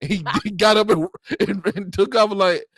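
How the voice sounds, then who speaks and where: A man's voice: high voice, steady tone, normal speed, a bit bright, dry recording, clean studio sound. A man co-hosting a casual podcast, telling loose, slangy stories with frequent laughter. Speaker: podcast co-host. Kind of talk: casual chat.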